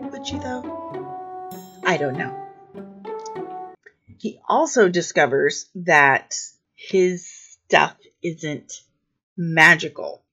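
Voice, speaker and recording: A woman's voice: lowish voice, a bit bright, dull audio. A woman recapping a comic book story in a casual, playful vlog, full of silly asides.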